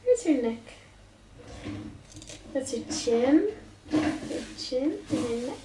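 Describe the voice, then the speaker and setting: A woman's voice: sits high, big pitch swings, slow pace, background noise. A woman reading a picture book aloud to a small child at home in a playful sing-song way, making animal noises. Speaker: parent reading to a toddler. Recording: roomy home recording from a distance.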